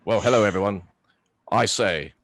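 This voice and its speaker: A man's voice: a little high, wildly swooping pitch, very fast, slightly rough, no echo, voice pushed up, heavily acted. A man voicing a cheerful British male host of how-to videos, who keeps plugging his channel in a polite, sing-song way. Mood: chirpy.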